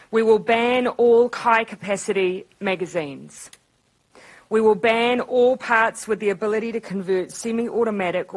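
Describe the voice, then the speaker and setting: A woman, a head of government reading a formal prepared statement in a measured, deliberate way. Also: medium pitch, rough recording.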